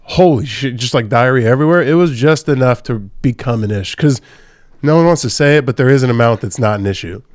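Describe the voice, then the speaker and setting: A man's voice: medium pitch, quick pace, dry recording, clean studio sound. A young man hosting a comedy podcast, telling crude stories in a loose, laughing way. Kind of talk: casual comedic podcast chat. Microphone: studio podcast mic.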